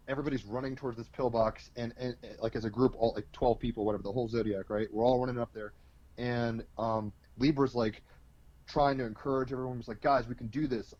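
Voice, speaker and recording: A man at a mid-range pitch tells a loose, rambling story as an astrology guest, full of fillers. His delivery is animated and casual. The audio is dull and lo-fi. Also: no echo.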